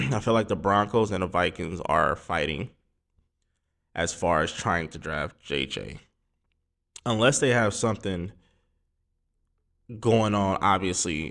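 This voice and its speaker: Male sports podcast host, deep voice, loose and rambling, lots of ums. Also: gravelly, fairly bright tone. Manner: rambling, filler-heavy, informal. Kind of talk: casual solo sports talk.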